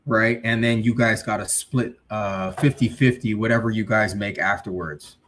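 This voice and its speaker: A man's voice: lowish voice, normal speed, slight background noise. A male livestream host chatting casually, reading viewer comments and giving blunt, slangy takes. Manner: blunt, animated, street slang.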